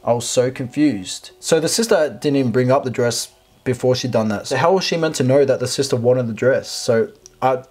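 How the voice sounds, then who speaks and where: A man's voice: medium pitch, a little fast, a little mellow. A man hosting a video, reading out a post and commenting on it in a blunt, sarcastic, profane way. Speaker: video host.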